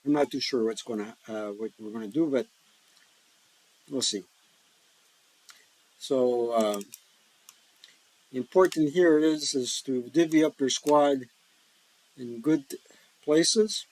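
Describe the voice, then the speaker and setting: Slow and given to long pauses, a man with a medium-pitched, darkish voice chats casually over a solo board wargame. The player-host jokes and rambles, adding folksy asides, and the audio is poor.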